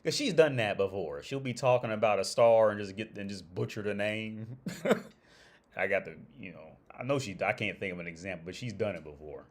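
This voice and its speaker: A man's voice: on the low side, fairly quick. A man hosting a casual livestream chat, rambling and profane, with lots of restarts and frequent laughter. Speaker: livestream host.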